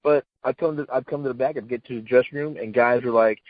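Over narrow, tinny audio with no echo, a middle-aged man who used to wrestle recounts an old story as a guest, speaking fast at medium pitch with fairly even intonation. He rambles casually, restarts and fills often, and mimics what people said.

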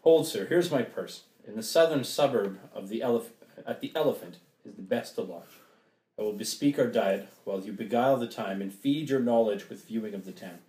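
A man reading a wary sea captain in an amateur play reading, measured and earnest. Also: on the low side, mellow, echoey room, lightly acted. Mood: grave.

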